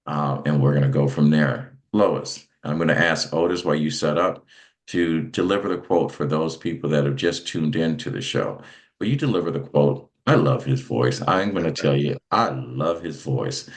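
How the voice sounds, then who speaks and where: Very deep-voiced male podcast host. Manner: halting, many restarts and fillers. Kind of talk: casual talk show hosting.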